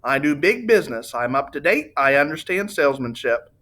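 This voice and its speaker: A man's voice: a little high, big pitch swings, a little fast, sharp tone. A man voicing a voluble, boastful Italian car salesman who talks on and on. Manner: gushing, eager, talks on and on.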